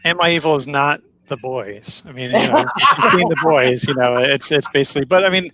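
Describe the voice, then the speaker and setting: A man hosting a livestream over a video call. He is friendly and joking, and talks in quick bursts. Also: fairly high pitch, expressive, crowd noise, poor audio. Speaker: host. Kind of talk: livestream talk show hosting.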